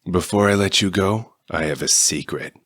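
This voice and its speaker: A man voicing a mocking, sneering shape-shifting alien villain in a deep voice. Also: moderate pace, a bit bright, no room sound, clean studio sound.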